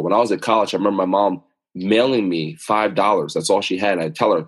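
Man, husky, low-pitched, earnest, motivational, podcast guest. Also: steady tone, fast talker. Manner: earnest, motivational, emphatic storytelling. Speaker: guest, author and speaker on self-awareness. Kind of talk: podcast interview conversation.

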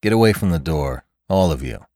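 A man voicing a cool young safecracker who speaks quietly and clipped. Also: very deep voice, animated, a little fast, no room sound, clean studio sound, voice pushed down.

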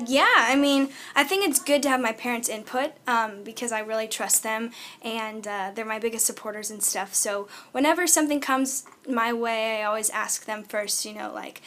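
A woman's voice: on the high side, fairly bright tone. Giggly young woman singer, chatty. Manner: easygoing, giggly, many fillers. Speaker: singer being interviewed. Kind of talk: casual interview chat.

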